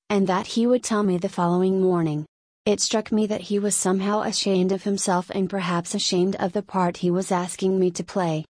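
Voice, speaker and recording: A woman reading a story aloud in a measured, unhurried scripted narration. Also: medium pitch, a little mellow, dry recording, studio quality. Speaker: audiobook reader.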